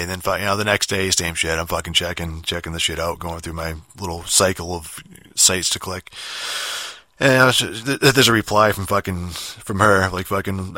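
A man with a Boston accent tells a rambling, profane story, stumbling over and repeating his words. His voice is deep with a bright, forceful edge, and it comes through mumbly and a little slurred. The recording is close and dry. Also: brisk, no echo.

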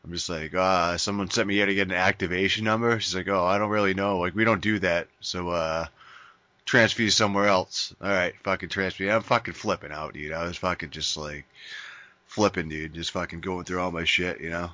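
A man with a very low, bright-edged voice tells a rambling story in casual podcast chat, swearing constantly and saying dude over and over. The sound is dry and a bit dull and lo-fi. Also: steady tone, a little fast, no room sound. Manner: profane rambling storytelling, says dude a lot.

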